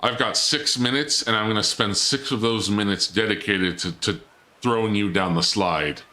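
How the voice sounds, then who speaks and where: A man's voice: fairly low pitch, moderate pace, sharp tone. A male streamer giving live gameplay commentary, teasing and taunting in a playful, theatrical mock-villain way.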